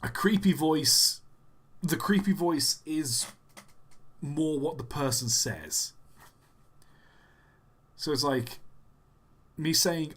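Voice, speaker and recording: A man's voice: fairly high pitch, very animated, unhurried, pauses often, a bit bright, breathy edge. A man on his live stream, casually chatting and joking as he reads out viewer comments, laughing often. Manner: rambling, jokey, laughs often.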